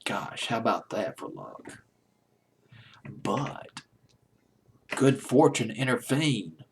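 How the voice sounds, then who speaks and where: A man's voice: on the low side, expressive, slow pace, creaky, a little hiss or hum. A man hosting a home-made countdown show, talking casually and enthusiastically with asides and restarts. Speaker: countdown host. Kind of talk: casual radio-style countdown talk.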